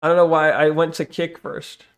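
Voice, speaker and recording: Streaming live, a man with a level, slightly high voice talks at normal speed in casual chat. He reads comments out loud and keeps breaking off to say "hold on," distracted and restarting often.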